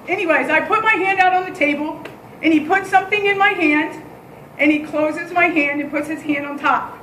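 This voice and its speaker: Woman, camp leader, high voice, candid and animated storyteller, roomy echo. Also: moderate pace, a little hiss or hum. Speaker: day camp and child care leader. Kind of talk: heartfelt thank-you speech telling a story.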